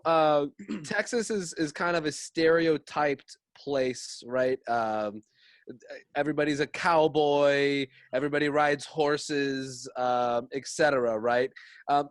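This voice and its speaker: Brief: male podcast host, light chatty questioner, slightly high voice, dry close sound. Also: no room sound. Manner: chatty, quick, easily amused questioner. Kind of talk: casual podcast interview.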